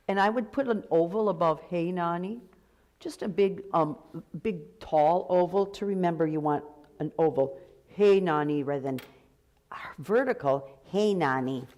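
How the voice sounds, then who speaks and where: An older woman directing a choir rehearsal, coaching briskly and warmly, sometimes singing lines to demonstrate. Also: fairly low pitch. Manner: brisk, encouraging, gives sung demonstrations. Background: choir and piano music.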